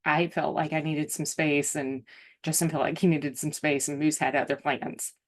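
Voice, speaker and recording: A woman's voice: low voice, flat delivery, normal speed. A woman host telling a personal story in a casual, chatty way, full of "like" and "um", and openly emotional. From United States. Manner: chatty, lots of fillers like "like" and "um", emotional.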